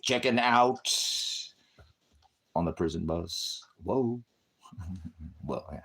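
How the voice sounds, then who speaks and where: Gruff low-voiced man ranting, swearing. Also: lively intonation, takes it slowly, long pauses. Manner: rambling, combative, swears heavily; sudden shouted bursts, drops to mutters. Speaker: independent ministry preacher. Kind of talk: profane religious rant.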